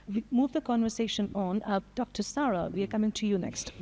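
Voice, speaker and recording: A woman moderating a panel discussion, speaking in a measured, reflective way. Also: mid-range voice, dark tone. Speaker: panel host. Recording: long hall reverb.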